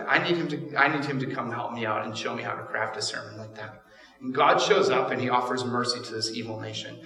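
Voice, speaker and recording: A man's voice: mid-range voice, a bit bright. A male pastor preaching a sermon, telling a story in a casual, humorous way. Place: church auditorium. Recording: echoey hall from far off.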